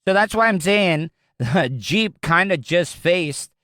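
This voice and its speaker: A man's voice: high-pitched, lively intonation, slow pace, fairly bright tone, no echo, clean studio sound. A man with a Southern American accent, hosting his own podcast with blunt, rambling opinions. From Southern United States. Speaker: podcast host. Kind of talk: casual opinion talk.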